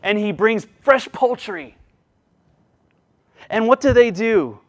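A middle-aged man preaching a sermon as pastor, earnest, acting out quoted voices and swinging from loud emphasis to hushed asides. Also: sits high, expressive, slow.

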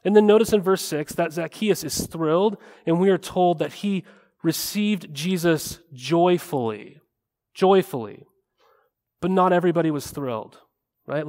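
A male pastor delivers a sermon in a casual, conversational manner, often checking in with rhetorical "right?" asides. His voice sits a little higher than most men's. A long reverb from the church hall trails behind every phrase.

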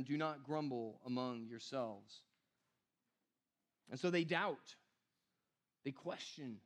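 A man with a high voice gives a sermon, reading scripture and explaining it in relaxed, everyday words. He often checks in with the listeners and repeats his key points for emphasis. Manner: casual, conversational preaching with repeated "right?" and "you guys". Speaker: pastor.

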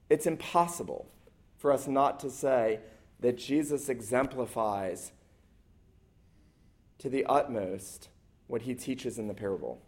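A pastor preaches a sermon to his church congregation in a mid-range voice, unhurried and with long pauses. He is earnest and emphatic, piling up short, repeated phrases.

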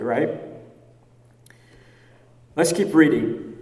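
A man's voice: a little high, a little slow, mellow, a little hiss or hum. A man preaching a sermon and reading scripture aloud. He explains in short, repeated phrases and keeps checking in with his listeners by asking "okay?" and "right?". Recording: echoey hall, voice from far off.

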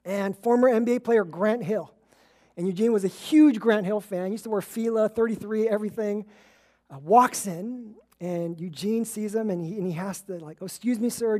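Woman preacher, mellow warm voice, casual storytelling sermon, acts out the quotes. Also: mid-range voice, normal speed. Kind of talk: conversational sermon.

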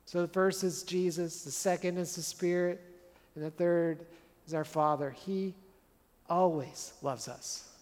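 Earnest pastor preaching in an echoing hall. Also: male voice, high voice, steady tone, a little slow, darkish tone. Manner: conversational and earnest, with repeated emphatic phrases. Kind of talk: sermon.

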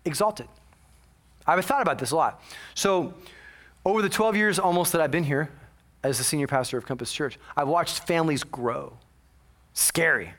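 Male pastor, high and bright voice, lively sermon delivery with quick acted-out asides. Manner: animated, swings between quiet asides and loud exclamations; acts out voices of his congregation. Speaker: senior pastor. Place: church sanctuary.

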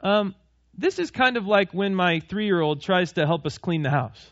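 A man with a high voice preaches a sermon in a loose, chatty way, putting questions to his listeners and cracking jokes. The sound is dry and a little dull and muffled. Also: lively intonation, normal speed, dry recording. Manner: conversational, asks the congregation questions and jokes. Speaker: pastor.

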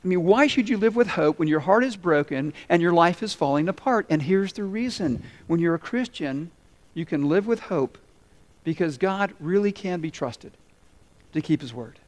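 Pastor, man, high-pitched, dramatic pauses, echoing sanctuary. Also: lively intonation. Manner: dramatic pauses and voiced quotes. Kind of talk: sermon. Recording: long hall reverb.

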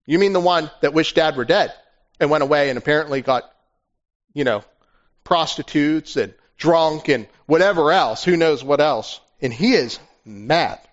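A male pastor preaching a sermon in a conversational, animated storytelling manner. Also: fairly high pitch, moderate pace. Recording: dull lo-fi recording.

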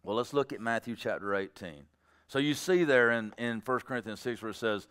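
A man delivering a sermon in a folksy, plainspoken manner, joking with his congregation. His voice is smooth and resonant, of average pitch. He moves between hushed, low phrases and loud, high-pitched bursts. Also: brisk. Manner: animated preaching, swings from low and soft to loud and high. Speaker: pastor.

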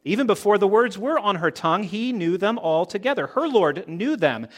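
A man's voice: high voice, expressive, normal speed. A man preaching a sermon to a congregation, asking the listeners rhetorical questions. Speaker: pastor.

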